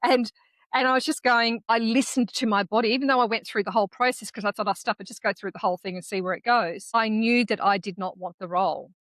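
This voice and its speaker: An Australian woman co-hosting a podcast, chatting casually and telling candid, animated stories with the odd swear word. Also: on the high side, fast talker, no echo. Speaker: podcast co-host. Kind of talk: casual conversational chat.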